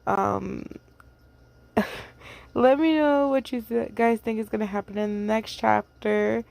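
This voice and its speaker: A woman's voice: on the high side, steady tone, takes it slowly, vocal fry, darkish tone. A young woman who hosts a channel, reading a fan story aloud and then chatting casually, with fillers and light laughs.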